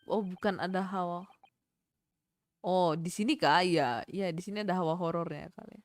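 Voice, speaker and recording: A woman's voice: on the low side, brisk. Giggly Indonesian-accented woman streamer. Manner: playful, giggly, mixing languages. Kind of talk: casual game-stream chat.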